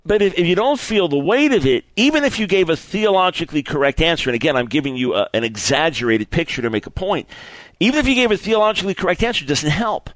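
Animated, earnest male preacher. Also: on the high side, fast talker, no room sound. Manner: earnest, animated, repeats himself and stumbles on words. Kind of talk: sermon.

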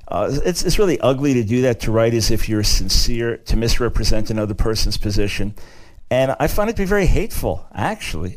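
A man hosting a radio talk show, speaking emphatically like a preacher, repeating key phrases and often restarting his words. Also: mid-range voice. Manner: frequent stammered restarts. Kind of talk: talk radio commentary and answering listener email.

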